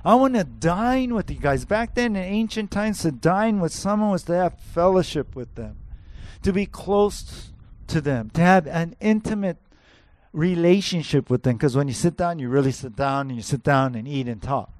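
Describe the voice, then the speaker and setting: A man's voice: a little high, normal speed, a little mellow, no room sound. A man preaching a sermon in an earnest, emphatic way, repeating key words for stress. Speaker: pastor.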